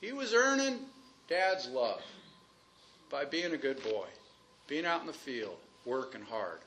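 A man preaching a sermon in a conversational way, asking the congregation questions and slowing down to stretch out key phrases. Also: medium pitch, very animated, bright, forceful tone, slight background noise.

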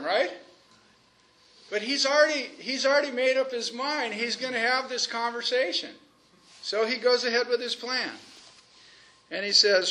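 A man preaching a sermon in a conversational way, asking the congregation questions and slowing down to stretch out key phrases. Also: high voice, pushed and bright.

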